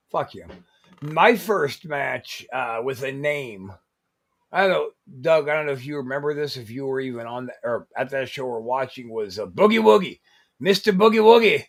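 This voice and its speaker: A man telling a wild story in casual podcast chat, profane and animated. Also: medium pitch, moderate pace. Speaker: podcast co-host.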